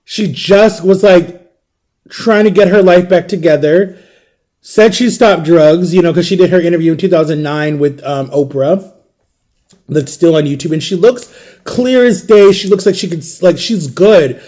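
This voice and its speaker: This vlogger is a man whose high-pitched voice carries a dark tone, and he speaks at a moderate pace. Chatting casually, he recounts his own memories with emotion and vivid detail, sprinkling in "like" and "right?" again and again.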